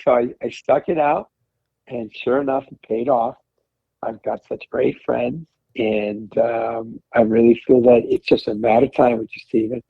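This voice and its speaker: A man telling stories and encouraging his host in a casual chat, rambling and warm-hearted. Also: mid-range voice, fairly even intonation, moderate pace, gravelly, breathy edge, no echo. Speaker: podcast host as guest. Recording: dry tinny phone-line sound.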